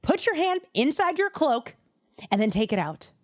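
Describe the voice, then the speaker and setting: A woman's voice: high voice, sing-song, moderate pace, dry recording, studio quality, pitched above the performer's own voice. Woman doing a breezy, buddy-like God. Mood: coaxing. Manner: breezy, coaxing, a little exasperated. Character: impatient, buddy-like male God. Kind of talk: casual comic retelling.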